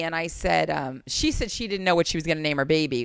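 A woman's voice: low voice, a little fast, few pauses, clear, resonant tone, no echo. A woman in her forties, a comedian guest chatting casually and acting out the people in her stories. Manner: animated storyteller acting out quotes. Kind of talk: casual chat.

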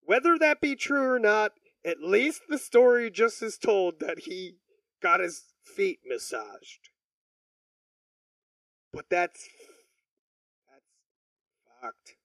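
Guy cohosting a podcast, crude loose jokes, kinda high voice, far from the mic. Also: lively intonation, slow, long pauses, fairly bright tone, no room sound. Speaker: podcast co-host. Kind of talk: casual chat.

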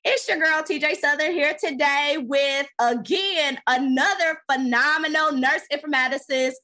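A woman hosting a podcast interview, energetic and playful, repeating words and stretching them for emphasis. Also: sits high, normal speed. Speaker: podcast host.

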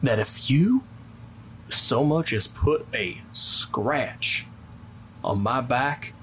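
A woman playing a tabletop role-playing game in character, gruff and exasperated as she lectures another character. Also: a bass voice, expressive, extremely slow, a little hiss or hum, poor audio. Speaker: tabletop player.

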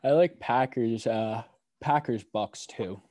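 A man's voice: mid-range voice, slow, darkish tone, no room sound, clean studio sound. A man co-hosting a casual sports podcast, giving laid-back, shrugging replies. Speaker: podcast co-host.

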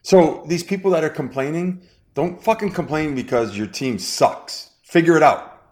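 A man's voice: on the high side, normal speed, a little mellow. Blunt Boston-accented man. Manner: blunt, profane, emphatic ranting. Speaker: podcast guest. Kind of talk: casual podcast chat.

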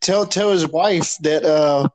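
High-voiced, halting male co-host. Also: a little mellow, rough recording. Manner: halting, giggly storytelling. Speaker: podcast co-host. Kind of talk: casual chat.

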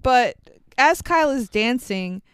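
A woman's voice: fairly high pitch, measured pace, smooth, no echo, studio quality. A woman co-hosting a podcast, retelling a movie with laughs and swearing. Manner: laughing, profane, animated retelling. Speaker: podcast co-host. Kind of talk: casual movie recap chat.

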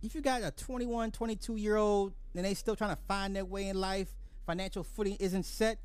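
A man's voice: high-pitched, a little fast, darkish tone, soft background music. A man hosting a podcast, delivering a profane, mocking rant of social commentary and apologizing as he goes. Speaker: podcast host.

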